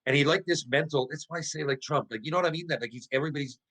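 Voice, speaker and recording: A middle-aged man with a slightly high voice tells stories as a podcast guest. He talks in an animated, profane way, with many false starts and rhetorical questions. It has the loose rhythm of relaxed conversation. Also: racing, rough recording. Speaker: podcast guest, former pro hockey player. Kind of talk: casual storytelling in conversation.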